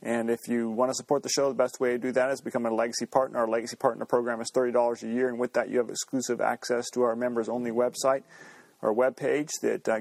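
A man hosting his show and plugging it before the sermon, plain and matter-of-fact. His delivery stays flat, and his voice has a gravelly grain. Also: mid-range voice, no echo. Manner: even, matter-of-fact, with fillers. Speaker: podcast host and pastor. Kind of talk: radio show introduction.

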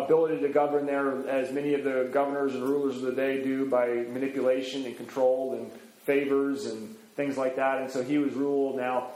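A man's voice: medium pitch, a little mellow. A man preaching a verse-by-verse sermon in a conversational way, acting out quotes. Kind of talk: expository sermon. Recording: echoey room.

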